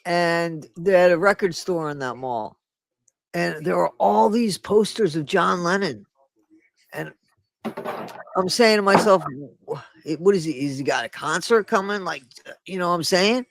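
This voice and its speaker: A man's voice: high-pitched, measured pace, creaky. A man in his sixties co-hosting a candid talk show, telling personal memories with emphatic, cursing, interrupting talk. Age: 60s. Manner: emphatic, interrupts, swears casually. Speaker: podcast co-host. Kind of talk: candid conversational storytelling.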